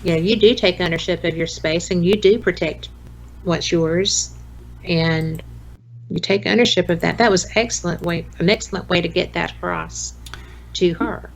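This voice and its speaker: Gravelly low-voiced woman guest. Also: normal speed, low-quality recording. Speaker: podcast guest. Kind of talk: casual interview chat. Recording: faint background noise.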